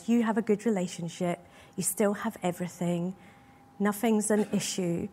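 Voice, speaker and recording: A woman's voice: mid-range voice, a little mellow. A woman preaching a sermon in a church hall, earnest and emotional, asking her listeners many rhetorical questions.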